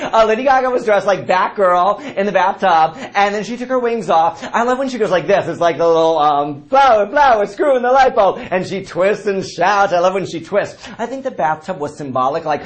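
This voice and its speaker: A man's voice: high-pitched, expressive, brisk, hardly any pauses. A young man recapping a TV talent show in a campy, gossipy, joking vlog. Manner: campy, gossipy, bursts into sung snippets. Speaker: vlogger. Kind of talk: casual comedic TV recap.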